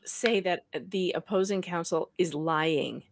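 A woman's voice: lowish voice, a little slow, no echo. Emphatic woman on a dry mic. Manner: emphatic, repeats points for stress. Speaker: podcast co-host, legal commentator. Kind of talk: casual legal commentary.

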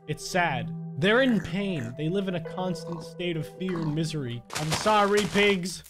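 Excitable high-voiced young man gaming. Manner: excitable, laughs often, yells at mobs. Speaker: gaming YouTuber. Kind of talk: Minecraft gameplay commentary.

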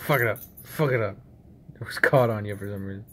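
A man's voice: fairly low pitch, quick pace, a bit bright, slight background noise. A man at home filming his pet on a phone, teasing it and swearing casually in a playful singsong. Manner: teasing, profane baby-talk to an animal. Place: indoors at home.

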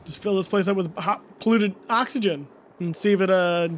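A man's voice: high voice, brisk, noisy background. A male streamer giving live gameplay commentary, rambling and puzzled, asking himself questions aloud as he plays.

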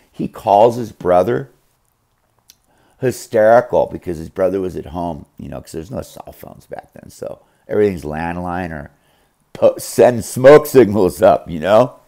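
Gravelly, animated man telling stories. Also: deep voice, a little slow. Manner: profane, rambling, animated, acts out others' voices. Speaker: storyteller. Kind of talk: casual storytelling monologue.

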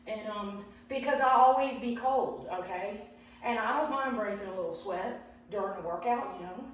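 A woman's voice: medium pitch, moderate pace, far from the mic. A chatty woman talks through a home workout, out of breath as she goes. Her voice rings around a very echoey room and sits well back from the mic. A faint hum of room noise runs underneath. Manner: chatty, talks while exercising. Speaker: fitness vlogger. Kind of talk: casual workout instruction.

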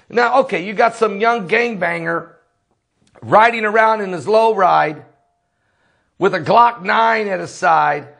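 A man who is a preacher, delivering impassioned commentary full of repeated rhetorical questions and sometimes rising to a shout. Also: high-pitched, gravelly. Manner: fiery, rhetorical questions, repetitive.

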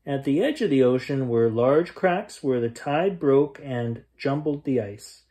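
A man's voice: mid-range voice, unhurried. Man reading a bedtime story aloud. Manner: animated reading, raises voice for yelled lines. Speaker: storyteller reading a children's book. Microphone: camera mic, close to the camera.

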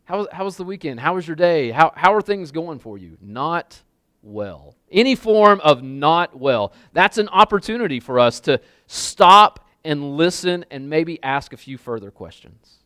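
Smooth-voiced male pastor preaching casually. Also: on the high side, animated, a little slow, fairly bright tone, no echo, studio quality. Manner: casual, conversational preaching with many "like" fillers and repeats. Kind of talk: sermon. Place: church sanctuary with a congregation.

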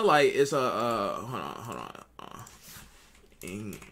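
A man's voice: medium pitch, expressive, a little slow, fairly bright tone, slight background noise. A young adult man streaming live, giving casual, profane commentary and repeating himself a lot as he talks to his chat.

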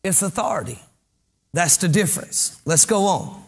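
A man preaching a sermon as pastor. He reads scripture aloud, stops to explain it, and builds to fervent shouts on key points. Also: high voice, expressive, moderate pace, husky.

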